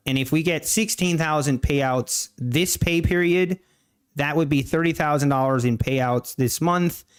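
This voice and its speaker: Guy on a trading livestream, slow and halting, keeps clearing his throat, fairly high smooth voice. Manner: slow, halting, many restarts, answers chat. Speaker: livestream day-trading host. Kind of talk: casual live-stream chat. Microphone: desk mic.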